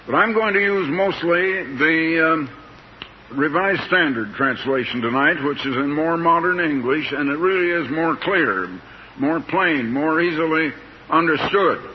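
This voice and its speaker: An older man preaching a sermon in a slow, plain-spoken, folksy way, stretching out words for emphasis. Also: a little high. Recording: dull lo-fi tape with faint hiss.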